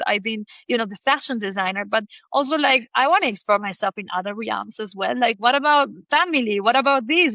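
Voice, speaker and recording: A woman's voice: medium pitch, a bit bright, dry recording. A woman in her thirties from Argentina with an Argentine accent, telling her story as a podcast guest in a chatty way full of fillers. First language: Spanish. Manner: chatty, lots of "like" and "you know" fillers. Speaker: guest, fashion designer.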